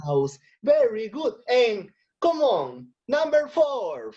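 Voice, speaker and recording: Woman teacher, lively, higher-pitched, patient pacing, bilingual English and Spanish. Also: takes it slowly, lo-fi sound. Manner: encouraging, repeats phrases and switches into Spanish. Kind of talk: online lesson for young learners.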